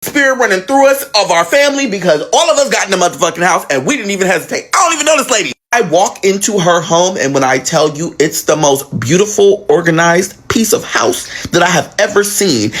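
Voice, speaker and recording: A man telling a personal story in an animated, profane, sarcastic way. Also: high voice. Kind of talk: casual storytelling.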